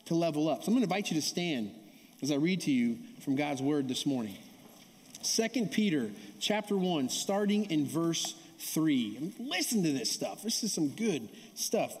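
A high-pitched man preaching in a church hall where his voice rings with a long reverb. He tells his stories casually, keeps asking the congregation "right?", and draws responses from the room. He sounds like a pastor at a Sunday sermon. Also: lively intonation, moderate pace, a little mellow. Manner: calls for audience response. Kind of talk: sermon with storytelling. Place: church sanctuary.

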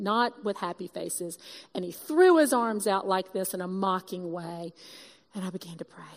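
A woman giving a sermon, telling a personal story with lively, emphatic quoted dialogue. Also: a little high. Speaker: speaker giving a sermon testimony. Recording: long reverb of a large hall.

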